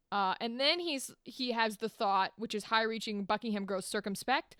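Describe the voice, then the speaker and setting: A woman podcast host retelling a play in a casual, profane, animated way. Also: on the high side, moderate pace, few pauses, smooth, no echo, studio quality. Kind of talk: casual chat.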